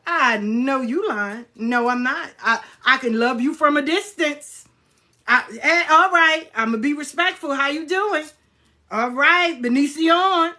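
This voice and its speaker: A middle-aged woman hosting her own channel, talking casually and bluntly to viewers, animated and swearing freely. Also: high-pitched. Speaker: spiritual practitioner, channel host. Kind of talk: casual spoken reflection to viewers.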